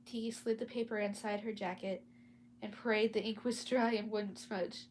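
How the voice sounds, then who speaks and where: A woman's voice: fairly high pitch, fairly even intonation, measured pace, pauses often, slight background noise. A woman casually reading a novel aloud, stumbling over words and breaking off for chatty asides. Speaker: storyteller.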